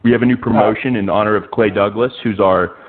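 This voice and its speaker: A man calling into a radio show, making a hesitant, salesy pitch. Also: fairly even intonation, fast. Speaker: caller. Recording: tinny phone line.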